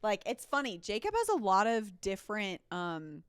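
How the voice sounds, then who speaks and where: A woman's voice: medium pitch, sing-song, normal speed, clear, resonant tone, no room sound, studio quality. A young woman co-hosting a faith podcast in casual, rambling chat, laughing often. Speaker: podcast co-host.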